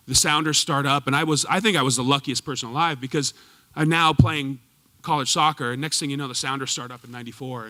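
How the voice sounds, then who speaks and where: A man telling lively, laughing stories about his old coach to a live audience, acting out the quotes. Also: mid-range voice. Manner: animated, laughing, acts out quotes. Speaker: former goalkeeper telling stories at a tribute event. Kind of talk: storytelling speech to a live audience. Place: performance hall stage.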